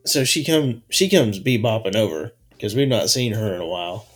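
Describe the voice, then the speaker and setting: A man co-hosting a casual chat, telling stories with big, loud laughs and the odd swear. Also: lowish voice, normal speed, soft background music. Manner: animated storyteller, swears, laughs loudly.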